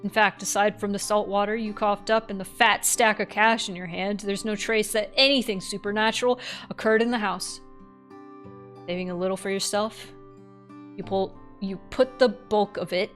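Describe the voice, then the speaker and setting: A woman streamer reads a horror text game aloud in a middle-pitched, casual voice. She breaks off for wry, offhand asides. Faint music plays under her. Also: fairly even intonation, moderate pace, fairly bright tone.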